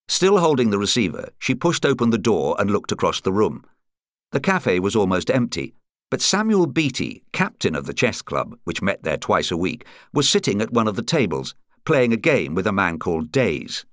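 A man narrating a true-crime audiobook in a measured, atmospheric reading style. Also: lowish voice, big pitch swings, dry recording, clean studio sound.

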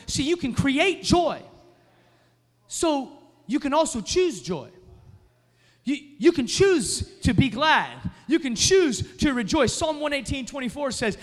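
A man preaching a sermon as pastor, telling a story and then building to loud, emphatic preaching. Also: very high-pitched. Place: church sanctuary. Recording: long reverb of a large hall.

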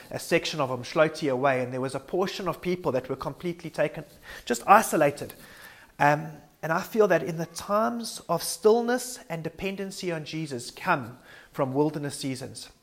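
A preacher delivers his sermon with earnest conviction, his voice a little higher than most men's. He thinks aloud as he goes and sometimes stumbles and restarts a word.

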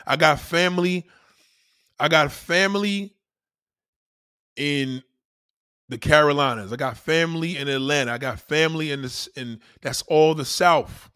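A man's voice: on the high side, sharp tone, no room sound, studio quality. Blunt, profane New York man. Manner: blunt, profane, emphatic with repetition. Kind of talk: casual rant.

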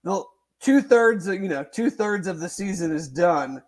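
Animated and high-voiced, this male co-host of a sports talk show speaks at a moderate pace. His casual chat is all thinking aloud, with hedges, fillers, rambling and repeated restarts.

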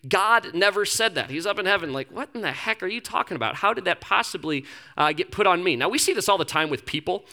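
A man's voice: on the high side, sharp tone. A man giving a sermon as a pastor in his church, talking conversationally with lots of fillers and stories. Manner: conversational, storytelling, frequent fillers.

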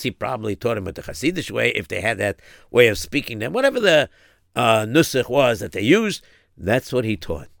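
A man's voice: medium pitch, vocal fry, sharp tone, dry recording, clean studio sound. A man telling a story in a folksy way, sprinkling in Yiddish and Hebrew words. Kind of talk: spoken storytelling.

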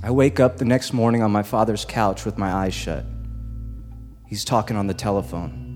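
A man performs a personal story on stage before a live audience, pacing his words slowly with dramatic pauses. His voice carries long hall reverb, and soft guitar plays underneath. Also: lowish voice. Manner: slow, deliberate, dramatic pauses.

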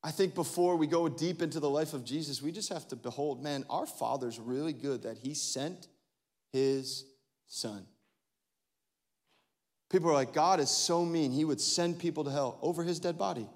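A man in his thirties, a pastor preaching a lively sermon, swinging between loud exclamations and hushed asides and laughing often. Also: fairly high pitch, normal speed. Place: large church hall. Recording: long hall reverb.

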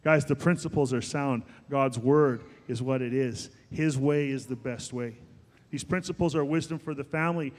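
A man in his forties preaching a sermon as pastor, animated and emphatic, rising to higher peaks. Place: church sanctuary. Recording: long hall reverb.

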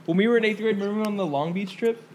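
A young man with a Californian accent, telling animated stories and swearing freely in a casual podcast chat. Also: high-pitched, rapid-fire. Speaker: podcast co-host.

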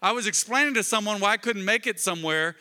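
A male pastor preaching a sermon in a church, swinging from loud emphatic bursts to soft, intimate murmurs. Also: high voice, quick pace, clean tone. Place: church sanctuary. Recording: long reverb of a large hall.

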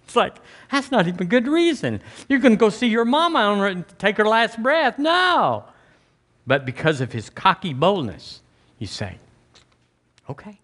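A man's voice: high voice, wildly swooping pitch, normal speed, a bit bright. A man preaching a blunt, emphatic sermon as pastor, drawing the congregation into call-and-response.

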